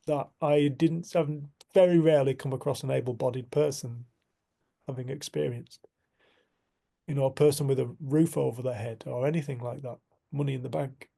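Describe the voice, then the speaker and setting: A man leading a community group, speaking in a reflective spiritual talk and telling a story in an earnest, unhurried way. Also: medium pitch, vocal fry, mellow.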